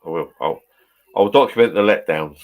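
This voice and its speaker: Middle-aged man, very low voice, rambling live chat, swears a lot. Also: moderate pace. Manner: swears freely, rambling and chatty. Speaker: vlogger chatting with live viewers. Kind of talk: casual live-stream chat. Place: home garden bar shed.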